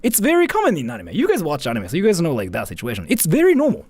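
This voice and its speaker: A man's voice: a little high, wildly swooping pitch, racing, a little mellow, husky, no room sound. A man, chatting casually as a streamer in a rambling, filler-heavy way and swearing freely. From Japan. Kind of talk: casual commentary chat.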